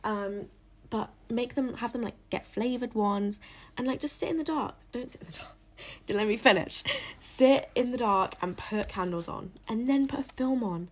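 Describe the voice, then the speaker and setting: A woman's voice: on the high side, normal speed, darkish tone. Chatty young woman vlogging. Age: young adult. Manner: chatty, rambling, self-deprecating with frequent asides and whispers. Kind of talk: casual chat to camera.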